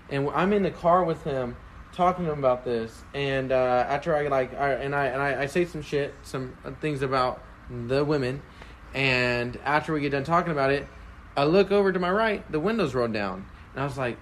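A man's voice: mid-range voice, a little fast, slight background noise. A young man on a casual podcast, telling a long story in a loose, rambling way, full of "like" and laughs.

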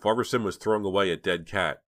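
A man's voice: fast talker, a bit bright, no room sound, studio quality. A man voicing a jittery teenage girl. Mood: upset. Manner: pleading, breathless raised pitch. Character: anxious teenage girl Dina, high-strung.

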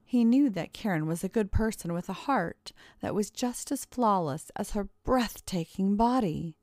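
A woman narrating a story in a steady, measured way. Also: mid-range voice, dry recording. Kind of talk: audiobook narration.

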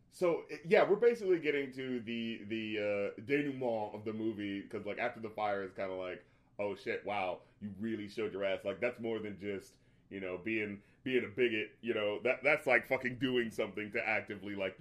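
A man in a casual chat, retelling a movie scene by scene with lots of fillers and acted-out lines. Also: lowish voice. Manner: animated retelling, acts out characters' lines, frequent fillers and swearing.

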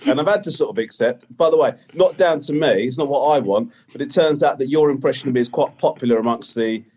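A man's voice: mid-range voice, fast talker, a little mellow. A man co-hosting a comedy podcast, dryly correcting and teasing his friend. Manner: dry, sarcastic corrections. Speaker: podcast co-host. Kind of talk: casual comedy chat.

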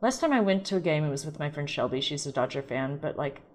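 A woman's voice: deep voice, lively intonation, quick pace. A woman from St. Louis hosting a podcast on her own, talking in a casual, playful way with self-mocking asides. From St. Louis, USA. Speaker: wine podcast host. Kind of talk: casual solo podcast monologue.

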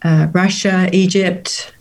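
A woman in her fifties from Norfolk, England, with an English accent, chatting warmly as a podcast guest. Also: fairly low pitch, level tone, slow, rough recording. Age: 50s. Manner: friendly, laughs easily. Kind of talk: casual interview chat.

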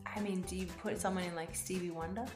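A woman's voice: lowish voice, steady tone, fast, roomy sound, music in the background. A woman with an Australian accent, a guest singer chatting casually and cheerfully in an interview.

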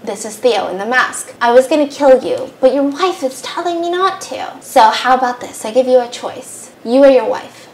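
A woman voicing a cold, calm masked man who threatens a couple in a retold story. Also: high voice, moderate pace, few pauses, roomy sound, poor audio. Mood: menacing. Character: cold masked male intruder.

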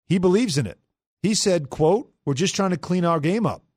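A man hosting a sports talk radio show, brisk and emphatic, on a studio mic. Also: sits high, expressive, a little mellow, no echo. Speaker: host.

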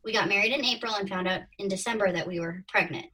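A podcast guest in her thirties tells her story in a casual interview, acting out the thoughts she had back then. Her medium-pitched voice is fast, pushed and bright, and she sounds distant from the mic.

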